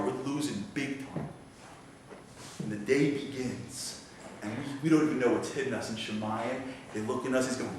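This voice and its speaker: A man giving an animated storytelling sermon as a guest speaker, dramatic and conversational, full of rhetorical questions. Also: medium pitch, a little fast, a little hiss or hum. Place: synagogue sanctuary. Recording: echoey hall, mic far off.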